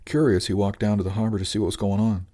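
A man narrating an audiobook chapter in a calm, even storytelling manner. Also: fairly low pitch, fast.

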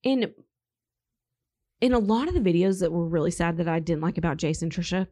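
A woman's voice: fairly low pitch, a little fast, dark tone, dry recording. A young woman co-hosting a podcast, chatting casually and filling her talk with "like" and restarts. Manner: chatty, filler-heavy, restarts sentences. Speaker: podcast co-host. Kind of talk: casual chat.

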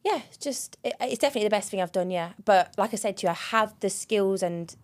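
A woman's voice: medium pitch, fast. Chatty young woman telling a story. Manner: chatty, animated storytelling with laughs and swearing. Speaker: podcast co-host. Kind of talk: casual chat.

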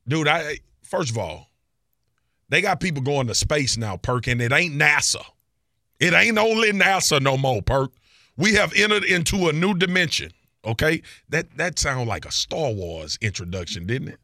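A man co-hosting a podcast, talking casual sports in an animated, joking, slangy way. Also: mid-range voice, moderate pace, no echo, clean studio sound. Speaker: podcast co-host.

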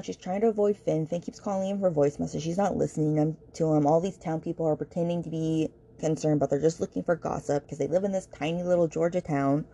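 A woman's voice: sits low, dark tone. A woman hosting a podcast and recapping a book in casual, gossipy chat, with lots of filler words and asides to her listeners. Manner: chatty and gossipy, heavy filler words, addresses listeners directly. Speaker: podcast host reviewing books.

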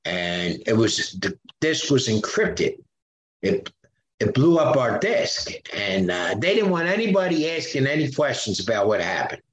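A man's voice: mid-range voice, a little slow. Older man, roomy sound. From Philadelphia, USA. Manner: animated, acts out quoted voices, frequent fillers. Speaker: podcast guest. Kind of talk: conversational storytelling.

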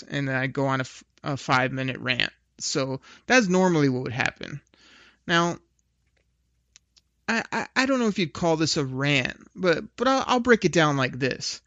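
A man's voice: a little high, normal speed, fairly bright tone, dry recording, dull audio. A man hosting a casual solo podcast, rambling and joking in rhyming riffs. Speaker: podcast host.

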